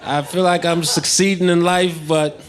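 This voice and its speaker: Deadpan young man doing stand-up live. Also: fairly high pitch, moderate pace. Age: 20s. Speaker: stand-up comedian. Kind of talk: stand-up comedy set. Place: comedy club stage. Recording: live club recording with crowd noise. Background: audience laughter.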